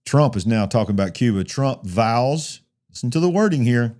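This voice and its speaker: A man's voice: mid-range voice, lively intonation, normal speed, a little mellow. Man hosting a news commentary show. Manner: reads headlines aloud with emphatic asides. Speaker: host.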